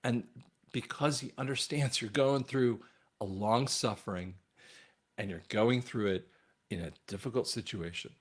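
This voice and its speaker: A man's voice: on the low side, measured pace, slightly rough. Emphatic man preaching straight to camera. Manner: addresses viewers directly as guys. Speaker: channel host and commentator. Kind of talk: religious and political commentary monologue.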